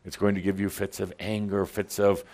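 A man giving a playful, animated channeled talk to a live audience in a hall, often laughing along with them. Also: low voice, a little fast. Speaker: spiritual teacher channeling to an audience.

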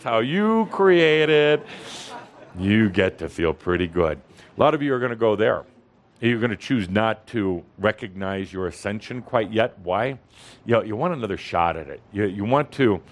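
Guy lecturing a spiritual audience, teasing and poking at them, says stuff twice for emphasis. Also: medium pitch. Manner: playful, provoking, repeats for emphasis. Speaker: spiritual teacher addressing an audience. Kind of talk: teasing, lively spiritual talk.

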